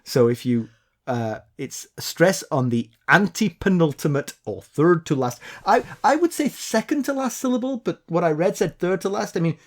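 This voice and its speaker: Speaking at normal speed in a voice that sits high, a man co-hosts a podcast. He's playful and professorial, an animated storyteller who unpacks strange words in a relaxed chat and then sums up a chapter.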